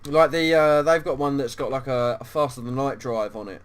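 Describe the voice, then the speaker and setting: A man's voice: medium pitch, steady tone, brisk, smooth. A man with a British accent hosting a casual gaming chat, joking and laughing often. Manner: chatty, laughs often, jokey. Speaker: host.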